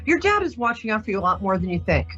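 Husky woman psychic host, gentle and rambling. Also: mid-range voice, very animated, very fast, lo-fi sound, faint music behind. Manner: gentle, reassuring, rambling with many ums. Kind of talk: casual radio psychic reading.

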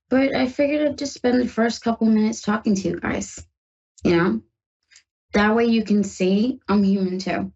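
A woman with a husky, slightly breathy voice hosting a psychic call-in radio show. She chats warmly to her listeners and reads tarot cards for callers. The sound is a little dull and muffled, like a radio broadcast. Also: a little high. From northern United States. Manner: chatty and reassuring, addresses listeners as guys. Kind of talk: live call-in tarot reading.

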